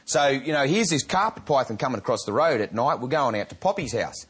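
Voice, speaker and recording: A man in his thirties with an Australian accent, a guest telling stories in an animated, laughing, slang-filled way. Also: medium pitch, fast, husky. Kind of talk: casual interview chat.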